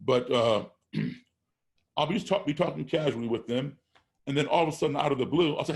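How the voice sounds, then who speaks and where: This is a middle-aged man from the United States, speaking as a guest on a podcast. His voice sits at an ordinary pitch with a gravelly, fried texture. He stresses his points hard and builds them one step at a time. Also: a little fast. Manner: emphatic, builds points step by step, acts out classroom exchanges. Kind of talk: conversational storytelling.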